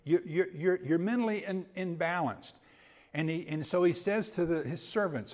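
A man's voice: high voice, normal speed, darkish tone, in a large hall. A man teaching a verse-by-verse Bible sermon in a conversational way, with quips and rhetorical questions. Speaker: preacher.

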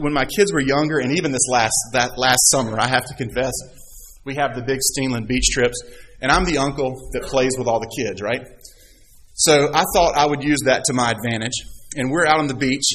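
Pastor, middle-aged man, mid-pitched voice, preaches with stories and rhetorical questions. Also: a bit bright, rough recording. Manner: storytelling with rhetorical questions and scripture readings. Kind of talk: sermon.

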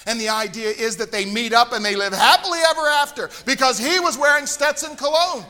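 High voiced middle-aged preacher guy from tennessee, bright tone, drops low for asides then gets loud. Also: brisk. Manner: storytelling, swings from low asides to loud emphatic bursts. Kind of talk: sermon with a humorous personal story.

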